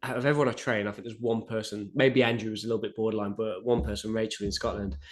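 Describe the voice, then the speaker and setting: A young man co-hosting a podcast, talking casually and animatedly about coaching, with lots of "like" and the odd swear. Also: on the low side. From Britain. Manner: quick, animated storytelling with swearing and filler "like". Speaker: powerlifting coach and podcast co-host.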